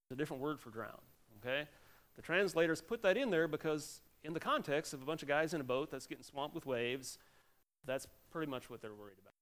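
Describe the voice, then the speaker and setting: Animated male pastor preaching. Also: fairly high pitch, brisk. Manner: animated preaching with sudden loud exclamations. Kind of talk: sermon.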